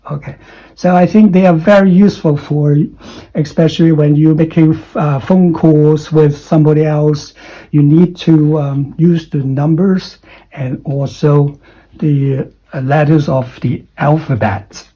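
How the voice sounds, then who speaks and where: A man teaching English pronunciation at a slow, unhurried pace. His voice is mellow and a little husky. He drills letters and sounds again and again, pushing his pitch up and down to show stress. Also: fairly even intonation, poor audio. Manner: drills sounds by repeating them, with exaggerated rising and falling pitch; frequent "okay?" and "you know" check-ins. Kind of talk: pronunciation lesson.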